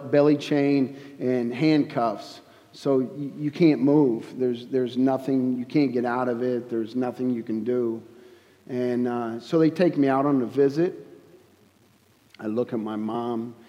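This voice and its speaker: A man's voice: mid-range voice, warm tone, muffled recording. Man telling his testimony in a big echoing hall. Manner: halting, earnest storytelling with many restarts. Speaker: guest speaker giving testimony. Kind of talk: personal testimony at a church service.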